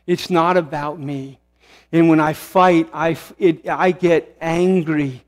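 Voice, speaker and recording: Male pastor, high voice, mid-sermon; builds to emphatic peaks, then drops to a hush. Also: steady tone, slow, big-room sound. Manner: impassioned, swelling to emphatic peaks then dropping hushed. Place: church sanctuary.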